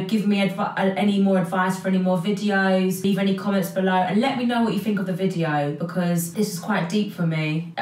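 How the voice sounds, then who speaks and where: A woman's voice: medium pitch, recorded from a distance. A young woman talking to camera in a personal vlog, chatty and emotional, with lots of "like". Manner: chatty, emotional, says "like" a lot. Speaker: vlogger. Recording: echoey room, mic set back.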